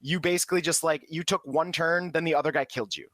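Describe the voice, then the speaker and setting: A man's voice: on the high side, quick pace, fairly bright tone, no room sound, studio quality. A man co-hosting a podcast in casual chat, blunt and opinionated, swearing freely. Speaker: podcast co-host.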